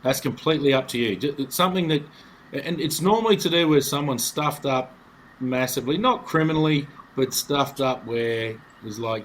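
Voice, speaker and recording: A man's voice: mid-range voice, normal speed, slight background noise, poor audio. Playful man co-hosting a podcast. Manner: playful, mock-serious teasing. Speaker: podcast co-host. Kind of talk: casual podcast chat.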